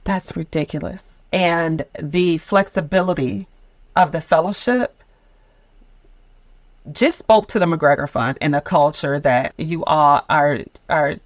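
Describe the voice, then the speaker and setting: A woman in her fifties, a nonprofit leader, telling her sabbatical story in a candid, expressive podcast conversation with frequent laughter. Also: low-pitched, slow pace, dry recording.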